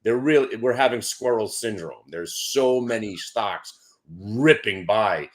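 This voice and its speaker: A man's voice: lowish voice, unhurried. Rambling, eager male guest on a video call. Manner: rambling, eager talk about trades. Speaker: guest trader. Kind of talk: casual market chat.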